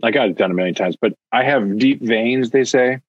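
A man's voice: mid-range voice, a little fast, husky, no room sound, dull audio. A man chatting casually as a podcast co-host, telling jokey stories and acting out what people said. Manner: jokey storyteller, acts out quoted voices. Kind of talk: casual chat.

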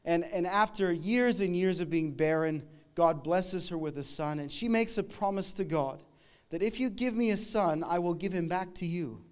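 A man from Canada preaching a sermon, telling a story in a conversational way with quick asides to the congregation. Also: sits high, clear, resonant tone. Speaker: pastor.

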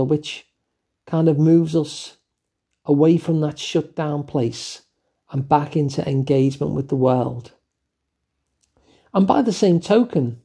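Older English male host, dark husky voice, calm reflective delivery. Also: fairly high pitch. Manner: gentle, musing, with fillers and asides. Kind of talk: reflective solo talk.

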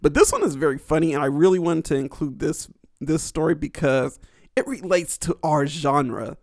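Laughing, crude young man with a fairly high voice. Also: animated, normal speed, dry recording, clean studio sound. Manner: crude, laughing often, rambling with many fillers. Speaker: podcast host. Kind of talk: casual solo podcast storytelling.

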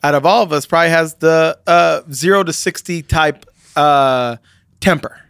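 A man's voice: on the high side, normal speed, vocal fry, a bit bright, smooth, no echo. Rambling man telling a story. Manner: rambling storytelling with many fillers and restarts. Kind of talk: casual chat, anecdote.

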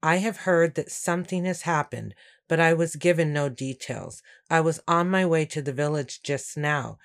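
A woman voicing a calm, commanding gentleman of means who speaks in a measured, controlled way while reading a story aloud. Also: low-pitched. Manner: measured, controlled, briefly angry.

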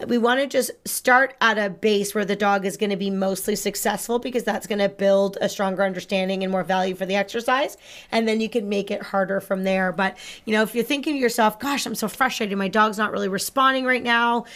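Woman dog trainer, podcast co-host, mid-pitched, upbeat and chatty while explaining. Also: brisk. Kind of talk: instructional podcast chat.

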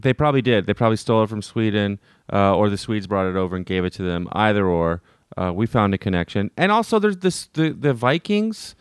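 A man's voice: lowish voice, fairly quick, clear, resonant tone, no room sound, clean studio sound. A man co-hosting a podcast, joking in casual chat and often restarting his sentences. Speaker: podcast co-host.

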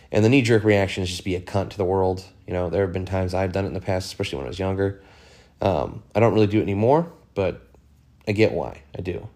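Deep-voiced guy doing a solo podcast rant, swears a lot, rambles with lots of "you know"s. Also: darkish tone. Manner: profane, frank, rambling with many fillers. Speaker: podcast host. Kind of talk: casual solo monologue.

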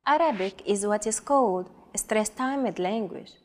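A woman co-hosting a language lesson, speaking slowly and enunciating carefully as she models words for listeners to repeat. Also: mid-range voice. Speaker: co-host modeling pronunciation.

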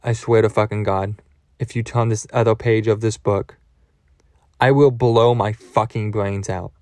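A man's voice: fairly low pitch, steady tone, a little slow, a little mellow, dry recording, studio quality. A man voicing the puppet monster Grover as a crude, threatening ranter. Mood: menacing rant. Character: blue male puppet monster, menacing then silly.

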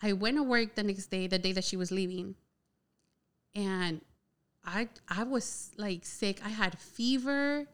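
Young woman guest, smooth clear voice, chatty storyteller who leans on "like" constantly. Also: mid-range voice, a little slow. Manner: chatty, heavy use of "like" filler, animated retelling. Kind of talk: casual personal storytelling.

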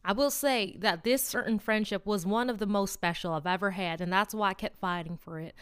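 Chatty woman with a smooth voice. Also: mid-range voice, a little fast, few pauses. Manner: chatty, animated, laughs and teases, rambles, direct address. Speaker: host of a weekly motivation vlog. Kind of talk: casual motivational talk to camera.

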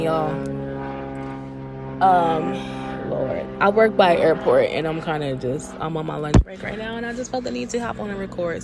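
A woman in her thirties talking candidly and emotionally on her own podcast, recorded on her lunch break near an airport. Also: lowish voice. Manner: candid and emotional, with frequent fillers and laughs. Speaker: podcast host. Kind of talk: casual personal podcast monologue.

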